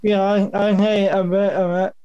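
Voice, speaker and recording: A man co-hosting a gaming podcast, giving short, unhurried replies in casual chat. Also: high-pitched, flat delivery, warm tone, clean tone, no echo, lo-fi sound. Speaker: podcast co-host.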